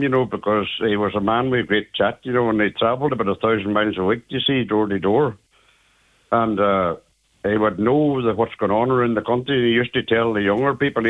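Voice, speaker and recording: An older man with a Donegal Irish accent, reminiscing casually as a guest and rambling along with plenty of fillers. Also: fairly low pitch. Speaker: guest remembering his father. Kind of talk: casual storytelling on a radio phone-in. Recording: tinny phone line.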